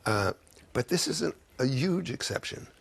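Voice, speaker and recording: A man in his eighties, a guest on a chat show, talking haltingly with many pauses to find his words. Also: mid-range voice, expressive, a bit bright. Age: 80s. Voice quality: gravelly, husky. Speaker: guest songwriter. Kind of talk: casual chat show interview.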